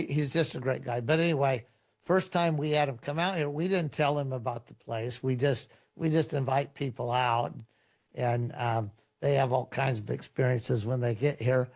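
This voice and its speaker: Relaxed storytelling man of middling pitch. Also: unhurried, gravelly. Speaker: pastor. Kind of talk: podcast guest telling a story.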